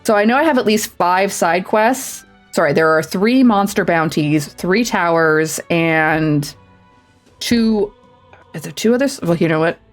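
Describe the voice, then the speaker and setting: A woman's voice: on the low side, expressive, measured pace, faint music behind. A woman streaming a video game, chatting casually and thinking aloud with self-deprecating asides. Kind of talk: casual let's-play commentary.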